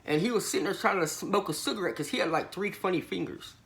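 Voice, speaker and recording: A man's voice: high-pitched, fast talker, creaky, fairly bright tone. A man telling a comedic tall tale to camera in a rambling, slangy way, saying "literally" over and over. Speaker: satirical prison storyteller.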